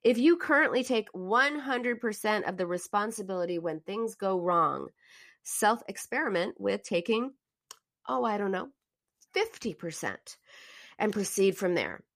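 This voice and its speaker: A woman's voice: mid-range voice, expressive, measured pace, a bit bright. A woman host talking through listener comments and telling stories in a reflective, anecdotal way, often restarting her sentences. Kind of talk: casual live-stream talk about self-help.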